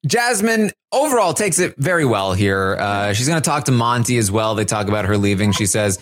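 A man co-hosting a casual chat, recapping events haltingly with many fillers. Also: fairly low pitch, very animated, no room sound. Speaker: podcast co-host.

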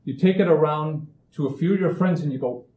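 A man talking through everyday examples in a casual motivational talk, slipping into little impressions of what people say. His voice is mellow and a touch higher than most, and the room around him echoes with a faint rumble underneath. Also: brisk. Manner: animated storyteller, acts out quoted voices, often restarts phrases. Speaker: speaker giving a talk on expectations.

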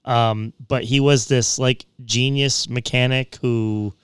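A chatty man talks up a film he loved, dropping plenty of fillers as he goes. His voice is smooth and clear, with an ordinary pitch, and the dry sound places the mic close to him. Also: steady tone, slow pace, dry recording. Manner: enthusiastic, chatty, filler-heavy. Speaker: podcast co-host. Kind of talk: casual movie review chat.

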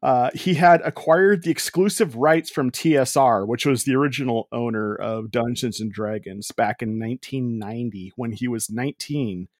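A man's voice: mid-range voice, normal speed, hardly any pauses, dry recording, clean studio sound. A man co-hosting a casual movie review chat, reading out trivia and correcting the others. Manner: matter-of-fact, corrects others, reads trivia. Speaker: podcast co-host.

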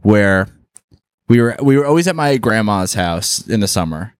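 A man's voice: on the low side, animated, moderate pace, clear, resonant tone, dry recording. A man co-hosting a podcast, telling funny stories in casual chat, laughing often, swearing freely and acting out the voices of people he quotes. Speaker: podcast co-host. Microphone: podcast studio mic. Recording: dry close studio sound.

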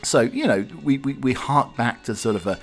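A man's voice: medium pitch, lively intonation, moderate pace, soft background music. A man from Norfolk hosting a casual solo podcast, rambling with many hesitations and restarts. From Norfolk, England. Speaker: podcast host.

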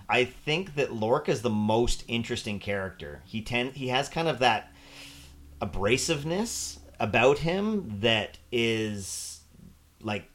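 A man chatting casually as a podcast co-host, animated and acting out quotes. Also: medium pitch. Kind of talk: casual chat.

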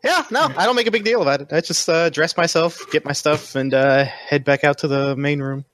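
A man's voice: a little high, fairly quick, fairly bright tone, no echo, studio quality. A man playing in a tabletop game, bantering in character with a teasing manner and frequent laughs. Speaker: player.

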